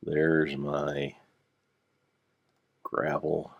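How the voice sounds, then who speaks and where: An older man with a gravelly voice, rambling through casual gameplay commentary with dry dad jokes. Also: extremely low pitch, monotone, drawn-out words, dull audio. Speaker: Minecraft let's player.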